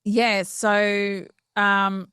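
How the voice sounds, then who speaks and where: A woman's voice: mid-range voice, flat delivery, very slow, bright, forceful tone, clear, resonant tone, no echo, studio quality. A woman guest on a podcast, chatting frankly and earnestly about family life with plenty of fillers. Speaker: podcast guest, mum and content creator. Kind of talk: casual podcast chat.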